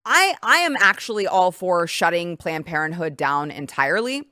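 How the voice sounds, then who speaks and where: A woman with a somewhat low voice hosts a political talk show from a studio. She delivers opinionated commentary laced with heavy sarcasm. The sound is dry and close, with no room echo. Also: very animated, moderate pace, hardly any pauses, pushed and bright. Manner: sarcastic, mocking.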